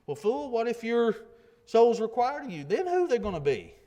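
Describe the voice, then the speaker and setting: A man's voice: very high voice, sing-song, moderate pace, warm tone. A man preaching a sermon in a conversational way, often repeating himself and asking rhetorical questions.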